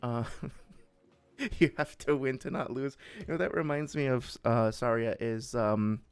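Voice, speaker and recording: A man's voice: medium pitch, a little slow, clean tone. A young man hosting a casual live stream, talking to chat in a rambling, hesitant way with many fillers.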